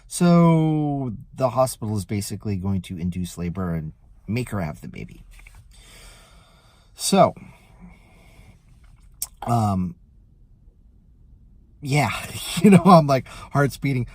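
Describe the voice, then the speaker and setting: A man, a rideshare driver, telling a story in a casual vlog in a chatty, animated way. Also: mid-range voice, slow pace, long pauses, no room sound. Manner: chatty, animated retelling with lively quoted voices.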